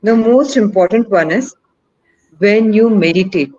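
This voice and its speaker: Woman, webinar presenter, coaxing Q&A delivery, muffled call audio, mid pitch. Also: unhurried, mellow. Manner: asks the audience questions, coaxing and encouraging. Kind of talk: interactive online teaching talk.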